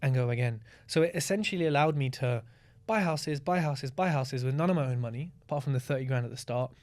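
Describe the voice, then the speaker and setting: A man speaking as a guest in an interview, blunt and candid, telling stories in a lively way and swearing freely. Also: medium pitch, fast. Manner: animated storytelling with acted-out asides. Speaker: podcast guest, property investor. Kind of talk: casual interview talk.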